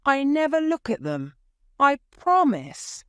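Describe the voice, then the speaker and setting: A woman voicing an excited, bold young boy in a storybook reading. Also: sits high, slow, no room sound, studio quality, pitched above the performer's own voice, exaggerated voice.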